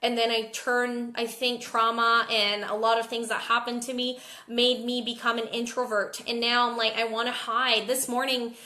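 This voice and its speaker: A woman's voice: fairly high pitch, level tone, moderate pace, hardly any pauses, bright, forceful tone. Tired, chatty woman in an echoey room. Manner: casual, candid, repeats words while thinking. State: tired and jet-lagged. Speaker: network marketing team leader. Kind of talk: live video Q&A.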